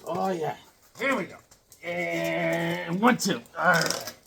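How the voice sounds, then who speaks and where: A man hosting a comedic unboxing vlog, rambling through jokes and stories with animated outbursts. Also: fairly high pitch, slow, gravelly, a crowd in the background. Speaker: comic book vlogger.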